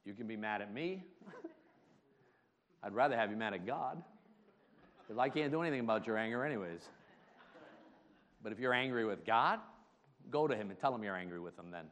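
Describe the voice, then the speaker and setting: A man's voice: lowish voice, lively intonation, fairly quick, pauses often, fairly bright tone. A man preaching a sermon as pastor, emphatic and full of rhetorical questions, laughing often between points. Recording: long hall reverb.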